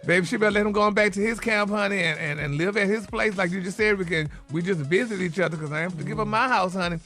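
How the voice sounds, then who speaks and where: Sassy high-voiced man dishing radio gossip. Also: fast talker, sharp tone, soft background music. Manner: sassy, peppers every phrase with "honey" and "y'all"; dramatic, exclaiming. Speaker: radio show gossip co-host. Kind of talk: radio celebrity gossip segment.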